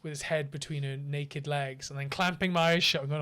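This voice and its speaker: Animated man telling anecdotes. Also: fairly high pitch, a little fast, smooth. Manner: animated anecdote-telling, swearing, often laughing. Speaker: podcast co-host. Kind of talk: casual chat.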